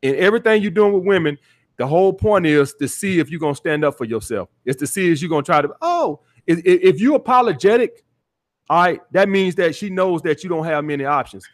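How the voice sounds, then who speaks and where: A man hosting a call-in dating podcast, his voice sitting a little higher than most men's. He talks bluntly and profanely, lecturing his listeners and leaning on "all right" over and over. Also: lively intonation, fast talker. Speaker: podcast host, dating coach. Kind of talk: call-in podcast advice rant.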